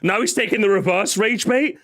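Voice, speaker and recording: A man streaming a reaction, joking sarcastically and swinging between loud outbursts and muttered asides. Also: sits high, fairly quick. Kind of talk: casual live-stream reaction.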